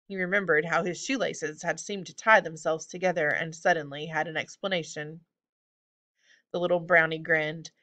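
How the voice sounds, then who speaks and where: Lady reading a kids story out loud, kinda low but really bright voice. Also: steady tone, moderate pace. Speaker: audiobook reader. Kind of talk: storybook narration.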